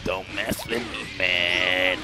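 A man putting on the voice of a gruff, menacing male movie tough guy, growling low and slow. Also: steady tone, bright, forceful tone, faint music behind, full character voice.

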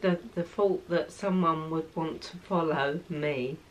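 A woman in her sixties chatting casually on her lifestyle vlog, soft-spoken and heartfelt. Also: deep voice, a little slow, rough recording. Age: 60s. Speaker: lifestyle vlogger.

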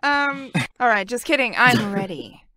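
A woman's voice: medium pitch, lively intonation, moderate pace, fairly bright tone, dry recording, clean studio sound. A woman co-hosting a casual podcast, chatting with her siblings in an upbeat way and laughing often. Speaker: podcast co-host. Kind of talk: casual chat.

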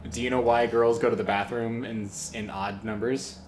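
A man's voice: mid-range voice, little pitch movement, moderate pace. Jumpy, sarcastic man in an echoey room. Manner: jumpy and sarcastic, complains about scares. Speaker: co-host watching a horror game. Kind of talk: casual let's-play chat. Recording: echoey room with faint hiss.

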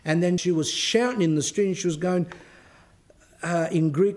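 A man, an Orthodox cleric, giving a spiritual talk that mixes a personal story with rhetorical questions and turns animated as the story goes on. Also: a little fast. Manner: grows animated and high when telling the story.

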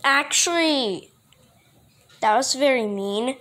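A high, bright female voice acts out a homemade comedy skit, hopping between playful character voices. She delivers her lines slowly and draws each one out, even when the character is excited. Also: a little hiss or hum. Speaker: skit performer playing several characters.

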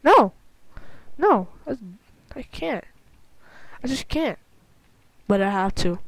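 A woman giving casual let's-play commentary, excitable and quick to exclaim or groan at her own mistakes. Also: on the high side, dry recording. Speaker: gameplay commentator.

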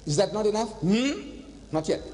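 An older man giving an animated religious lecture, telling stories and slipping in phrases. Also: high-pitched, moderate pace, slight background noise. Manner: animated storytelling, switching into Hindi-Urdu phrases. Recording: long hall reverb.

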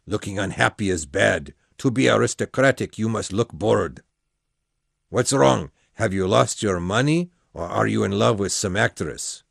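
A man's voice: lowish voice, animated, unhurried, vocal fry, no echo, clean studio sound, heavily acted. A man voicing a worldly aristocratic prince who gives advice in a confident, lecturing way.

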